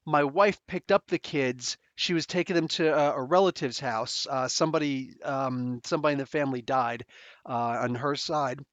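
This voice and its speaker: A man's voice: mid-range voice, moderate pace, a bit bright, no echo, dull audio. A man from New Jersey with a New Jersey accent, hosting a podcast and telling a story in a rambling, slangy way. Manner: rambling, many fillers and restarts, slangy. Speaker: podcast host. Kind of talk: casual storytelling.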